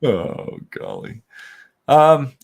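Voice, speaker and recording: A middle-aged man co-hosting a casual chat show, easygoing and quick to laugh. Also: mid-range voice, huge pitch swings, gravelly, darkish tone. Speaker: co-host.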